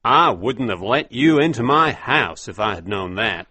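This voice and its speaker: A man doing a stern old father, low voice. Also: animated, measured pace, pushed and bright, dry recording, exaggerated voice. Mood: warning. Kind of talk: storybook reading for English learners.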